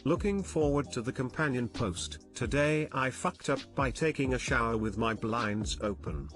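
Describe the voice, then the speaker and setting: A man narrating online posts in a steady, even scripted read. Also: medium pitch, normal speed, music in the background.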